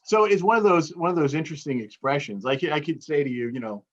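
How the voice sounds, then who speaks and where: This man talks fast with few pauses in a slightly high voice, and the audio sounds dull. He's a motivational speaker chatting casually in an interview, acting out tones of voice to illustrate a point.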